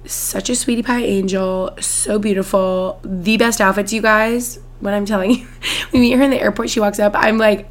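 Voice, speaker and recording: A woman's voice: mid-range voice, fairly even intonation, normal speed. A woman in her twenties hosting a podcast, chatting casually in a bubbly, gushing way with lots of "like". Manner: bubbly, gushing, heavy use of "like". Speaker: podcast host. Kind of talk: casual chat.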